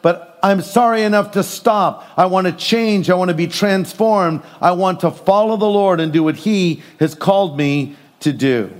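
Middle-aged guy preaching, kinda high voice, lively, does little voices for his stories. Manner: animated preaching, acts out voices in stories and jokes. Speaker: pastor. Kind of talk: sermon.

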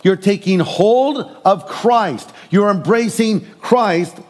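A middle-aged male pastor delivering a sermon with lively energy. His voice sits a little high for a man, and he slips into playful character voices when he tells a story. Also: slow. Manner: animated preaching, acts out voices in stories and jokes.

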